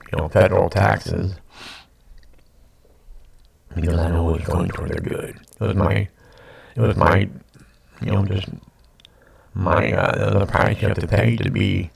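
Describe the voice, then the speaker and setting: Gravelly, sniffly man rambling. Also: on the low side, steady tone, a little slow, pauses often. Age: older. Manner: meandering, repeats himself, self-deprecating asides. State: sniffly, congested sinuses. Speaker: vlogger. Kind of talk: rambling late-night chat to camera. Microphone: computer webcam mic.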